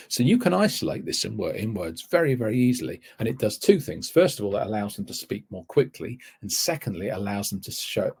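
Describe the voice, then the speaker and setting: A man lectures in a webinar for language-teacher trainees. His voice is deeply husky and breathy, sitting a little low. He rambles, restarts phrases and corrects himself as he goes. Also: darkish tone. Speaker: TEFL course tutor.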